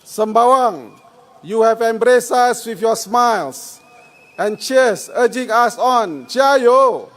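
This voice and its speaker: A Singaporean man with a very high voice delivers a rousing outdoor campaign speech. He speaks slowly and deliberately, stretching each phrase for effect. His voice carries through a handheld microphone and the PA system. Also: lively intonation. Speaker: election candidate. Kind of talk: political rally speech. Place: outdoor rally field.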